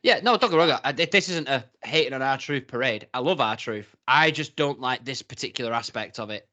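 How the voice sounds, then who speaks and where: On a wrestling review podcast, a medium-pitched co-host talks a little fast over dull-sounding audio. He chats casually, rambling and hesitant with lots of restarts, and quotes people in animated voices.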